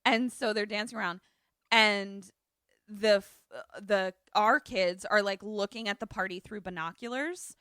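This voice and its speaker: A woman's voice: mid-range voice, a little slow, clean tone, no echo, studio quality. A woman co-hosting a podcast, casually recapping a film and acting out the characters' lines as she goes. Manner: animated retelling, acts out quoted lines. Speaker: podcast co-host. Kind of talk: casual movie recap chat.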